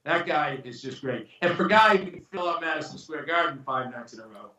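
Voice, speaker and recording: A screenwriter and producer guest, his voice on the high side and a little fast, recounts stories casually in an interview about his screenwriting. He's animated, imitating the people he quotes, and the sound is roomy, with him far from the mic.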